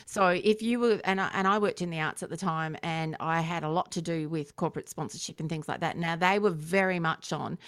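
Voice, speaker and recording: A woman's voice: sits low, fairly quick, few pauses, no echo, studio quality. A middle-aged Australian woman with an Australian accent, chatting casually and telling stories. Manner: storytelling, animated when laughing. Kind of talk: casual chat.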